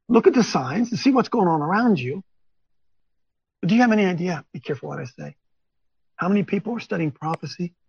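A man hosting a Bible teaching show, preaching informally to camera in an animated, rambling way with folksy asides. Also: high voice, vocal fry, breathy edge, no echo, dull audio. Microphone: on camera, wearing glasses.

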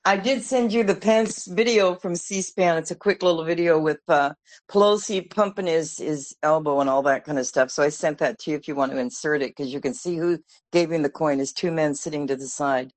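A woman's voice: low voice, fairly quick, no room sound. Female caller, chatty storyteller, casual. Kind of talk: casual chat.

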